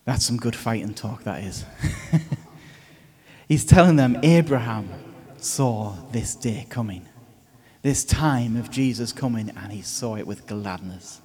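Chuckling, animated male preacher. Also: medium pitch, slow. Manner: chatty and animated, often chuckling. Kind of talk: conversational sermon on a scripture reading.

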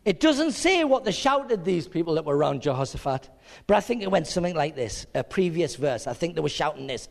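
A high-voiced man preaches with a lively, swooping delivery, playing out scenes and voices as he goes. His voice rings through a hall with a long reverb. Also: fairly quick, vocal fry. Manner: animated, acts out scenes with voices. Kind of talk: sermon.

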